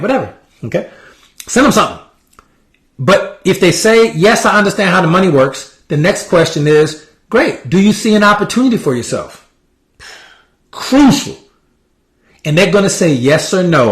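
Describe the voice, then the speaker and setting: A man's voice: high-pitched, fairly bright tone, reverberant. A man giving casual sales coaching, acting out sample conversations with prospects. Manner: casual, repetitive, acts out sample dialogue. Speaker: sales trainer. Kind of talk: motivational sales coaching talk.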